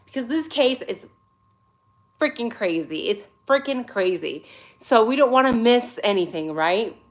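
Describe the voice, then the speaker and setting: A woman's voice: fairly high pitch, animated, measured pace. Sassy, chatty woman in her forties. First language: not English. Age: 40s. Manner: chatty, sassy, greets viewers by name. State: tired but caffeinated. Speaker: livestream host. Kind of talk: casual livestream chat. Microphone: phone.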